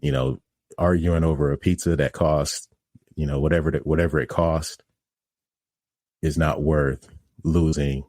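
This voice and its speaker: Very deep-voiced man telling a candid story. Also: steady tone, unhurried, long pauses, darkish tone, dry recording. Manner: candid, self-critical, conversational. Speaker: podcast host and pizza restaurant operator. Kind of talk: casual storytelling monologue.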